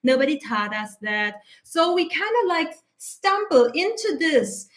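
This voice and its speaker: Woman coach with a high voice, blunt and sweary, animated, teary-eyed from an allergy. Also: unhurried. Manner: blunt, heavily profane, animated. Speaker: self-concept coach. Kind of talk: casual spoken monologue.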